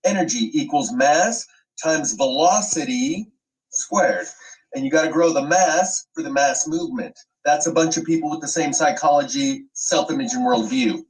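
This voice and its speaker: A man's voice: fairly high pitch, normal speed, recorded from a distance, low-quality recording. A man hosting an online commentary video, ranting with emphatic, profane sweeping claims.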